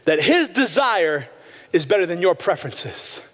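A male pastor preaching a sermon with passion, slowing down to stress key phrases. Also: high-pitched, big pitch swings, a bit bright. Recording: long hall reverb.

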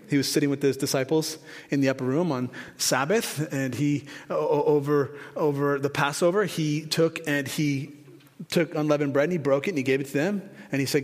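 A pastor in his forties preaching a conversational sermon with jokes and asides, lifting his voice for emphasis. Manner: rises in pitch and volume for emphasis. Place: church sanctuary. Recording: long hall reverb.

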